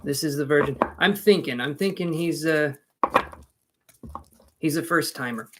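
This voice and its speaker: A man's voice: on the high side, unhurried, very noisy. A man reads tarot cards live on a stream. He chats casually with his viewers and slips in joking asides between readings. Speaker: tarot reader.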